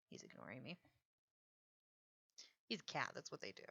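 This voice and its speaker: A woman's voice: a bass voice, very animated, normal speed, gravelly, pauses often, pushed and bright, breathy edge, no echo. A woman chatting casually and easygoing while she draws on a stream, joking about herself. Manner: chatty, self-deprecating, easygoing. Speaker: artist streaming a drawing session. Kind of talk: casual chat while drawing.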